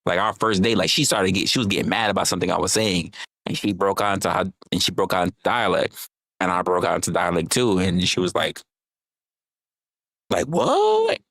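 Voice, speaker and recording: An American man chatting casually on his livestream, animated and rambling, swearing freely and teasing his chat. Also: low-pitched, fast, dry recording, clean studio sound. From United States. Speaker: livestream host.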